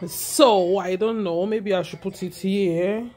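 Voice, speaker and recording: A woman talks straight to her viewers in a casual vlog, filmed on a handheld phone. She is chatty and excitable, running through her news with plenty of asides. It starts in a car, with vehicle noise behind her, and moves into a small home office. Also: mid-range voice, slow. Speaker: vlogger.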